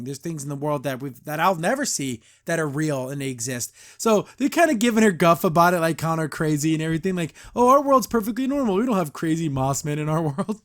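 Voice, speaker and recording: A podcast host giving a casual episode review, laughing often and acting out the characters' lines. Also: male voice, fairly high pitch.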